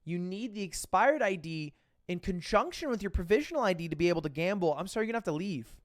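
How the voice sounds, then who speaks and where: A man's voice: high-pitched, lively intonation, fast talker, dry recording, clean studio sound. A man quoting a polite casino security woman. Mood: apologetic firm. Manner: apologetic but by-the-book.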